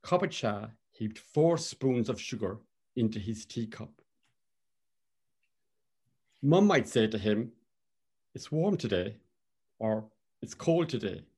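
A man's voice: lowish voice, darkish tone. Cork Irish man telling a wry story. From Cork, Ireland. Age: middle-aged. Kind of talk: live personal storytelling.

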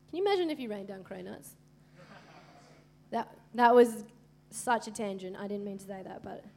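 A young woman preaching a sermon, lively and chatty, acting out the voices of people and Jesus as she retells Bible passages. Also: mid-range voice, moderate pace, vocal fry, pauses often.

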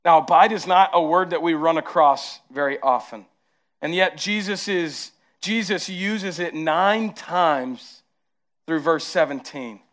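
This Southern-accented man preaches as pastor at a measured pace, his voice on the high side. His sermon alternates soft, tender passages with emphatic climbs.

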